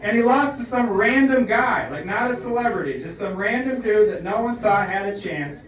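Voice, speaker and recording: High-voiced man telling a comic story. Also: moderate pace. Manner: mock-earnest, tags lines with "okay?". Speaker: comedian. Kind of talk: comedic storytelling monologue. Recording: echoey room, far from the mic.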